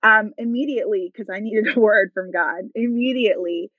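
A woman's voice: mid-range voice, normal speed, no echo, highs cut off. A woman guest telling her personal faith story with emotion, acting out the voices of people she quotes. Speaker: podcast guest.

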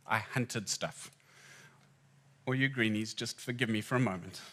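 A man from Zimbabwe preaching a sermon, telling personal stories and swinging between hushed and loud moments. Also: fairly low pitch, unhurried.

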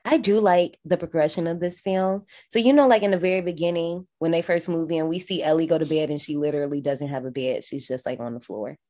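A woman's voice: low-pitched, fairly quick, hardly any pauses. A woman co-hosting a podcast, casually recapping a horror movie and breaking into exaggerated quoted voices. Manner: animated, swings into exaggerated voices when quoting. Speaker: podcast co-host.

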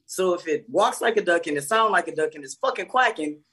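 Man, podcast co-host, husky breathy voice, blunt, emphatic, casual chat. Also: high-pitched, expressive, a little fast, fairly bright tone. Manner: blunt, emphatic, swears freely.

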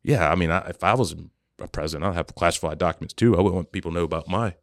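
A man co-hosting a podcast in casual chat, sarcastic and animated, laughing often. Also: low voice, rapid-fire, no room sound, studio quality. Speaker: podcast co-host.

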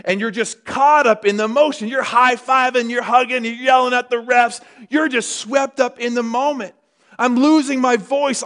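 A middle-aged man preaching a sermon as pastor, telling stories in an animated way. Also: high voice. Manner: animated storytelling, rises excitedly.

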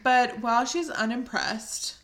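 A young woman with a slightly high voice chats casually through a movie recap. She talks loosely and leans on plenty of fillers. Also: measured pace, a bit bright. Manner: chatty, fillers like "like" and "um", laughs often. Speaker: podcast co-host.

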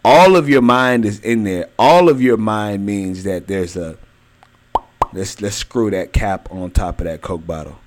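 A young adult man preaching a sermon, emphatic and repetitive, drawing key phrases out slowly. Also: on the low side, slight background noise.

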